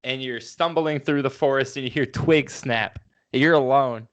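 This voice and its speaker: Playful podcast man, mid-pitched. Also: normal speed. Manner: playful, sets up goofy hypotheticals. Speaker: podcast co-host. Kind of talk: casual chat.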